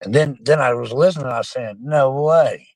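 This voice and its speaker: A man's voice: mid-range voice, fast, dry recording. A middle-aged man, rambling casually and profanely to his live-stream chat, calling them folks.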